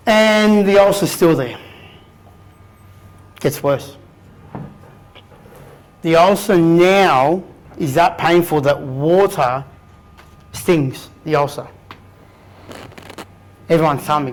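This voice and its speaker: Before a room of people, an Australian man in his thirties speaks as a guest, telling his own story bluntly and candidly with casual swearing. His higher-pitched voice moves slowly, broken by long pauses, over poor audio.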